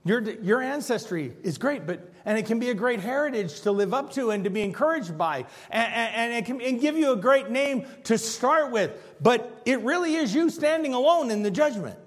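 A man's voice: very high-pitched, lively intonation, normal speed, hardly any pauses, big-room sound. A man preaching a sermon on scripture, acting out the people he quotes with big swings in voice. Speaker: pastor.

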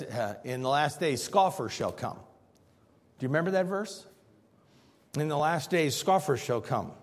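A man's voice: medium pitch, slightly rough, big-room sound. A man preaching a sermon on scripture, acting out the people he quotes with big swings in voice. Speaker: pastor.

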